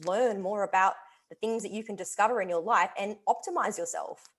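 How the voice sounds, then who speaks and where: A woman's voice: mid-range voice, fairly quick. A woman, a guest author, talking enthusiastically on a video call, full of "literally" and "like.". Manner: enthusiastic, talkative, repeats "literally" and "like". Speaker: guest author and wellness coach. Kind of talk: casual interview chat.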